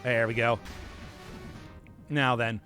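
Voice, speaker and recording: A man's voice: mid-range voice, little pitch movement, slow, bright, forceful tone, faint music behind. A young man streaming a video game live, giving rambling, chatty commentary and laughing often.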